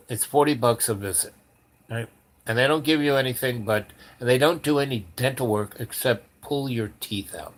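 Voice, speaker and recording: An older man in his seventies spins a long personal yarn at a middling pitch. He wanders and doubles back, full of "you know" and half-started words, shifting freely between brisk and drawn-out stretches. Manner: meandering, many fillers and restarts. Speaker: storyteller. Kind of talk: rambling spoken anecdote.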